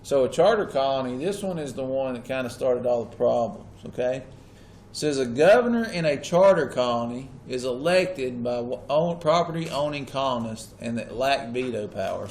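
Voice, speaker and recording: A man's voice: mid-range voice, darkish tone, slight background noise. A male teacher lecturing a classroom in a casual way and often checking that the students are following.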